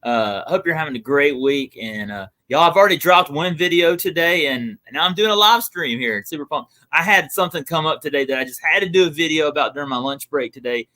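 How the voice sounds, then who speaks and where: Upbeat Southern host in his forties, bright and chatty, a touch higher pitched. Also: animated, a little fast, few pauses. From Georgia, US. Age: 40s. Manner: upbeat, repeats "super pumped", chatty. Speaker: livestream host. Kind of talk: casual livestream chat.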